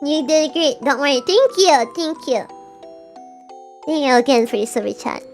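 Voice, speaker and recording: A woman's voice: high-pitched, lively intonation, normal speed, faint music behind. A young woman streaming live, casually chatting with viewers in a playful, teasing way and often stammering over her words. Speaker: VTuber streamer. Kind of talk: casual live-stream chat reading super chats.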